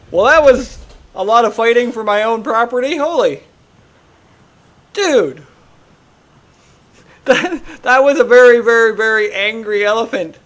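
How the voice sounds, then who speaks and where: A man's voice: extremely high pitch, fairly bright tone. A man livestreaming a game, talking casually and frantically urging and exclaiming as he plays. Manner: casual, says "dude" and "bro". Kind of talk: live gameplay commentary.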